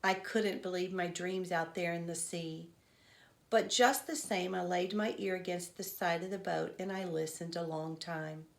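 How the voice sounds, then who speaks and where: A woman's voice: fairly low pitch, fairly even intonation, normal speed, creaky. A woman reading as an earnest old village man. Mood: intent. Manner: earnest storytelling, rising to loud cries. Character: old village man, grief-struck, recounting childhood. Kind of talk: children's novel read aloud.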